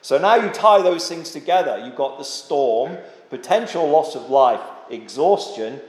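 A man's voice: on the high side, expressive, unhurried, darkish tone. A man preaching a sermon, earnest and dramatic, with rhetorical questions and frequent restarts. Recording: echoey hall with long reverb.

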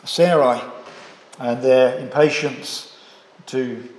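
A man preaching a sermon, measured and emphatic, often closing points with rhetorical questions. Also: medium pitch, fairly even intonation. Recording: echoey hall.

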